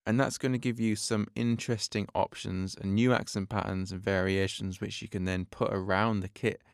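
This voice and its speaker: A man's voice: fairly low pitch, steady tone, moderate pace, creaky, dry recording, studio quality. A man teaching a drum lesson on his podcast, explaining patiently step by step and counting beats aloud.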